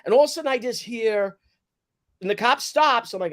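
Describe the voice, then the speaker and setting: Brief: male host, high voice, animated storyteller who acts out yelled lines and laughs a lot. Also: fast talker. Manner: acts out shouted quotes, swears, laughs often. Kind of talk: casual chat, animated storytelling.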